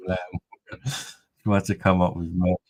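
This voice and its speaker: In a rough, dry recording, a low-voiced man from Kent speaks with a level tone at a measured pace. He's the host of a beer review live stream, bantering with viewers in crude, jokey chatter.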